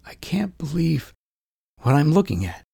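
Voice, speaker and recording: A man voicing a grieving elderly aunt who speaks gently and tearfully, in a spoken story. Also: on the high side, big pitch swings, a little slow, gravelly, slightly rough, dry recording, studio quality, pitched above the performer's own voice, exaggerated voice. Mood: tender.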